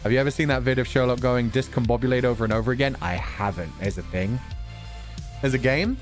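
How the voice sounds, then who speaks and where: A man's voice: mid-range voice, quick pace, soft background music. A man streamer in a casual chat, reading out donation messages, playful with words and swearing casually.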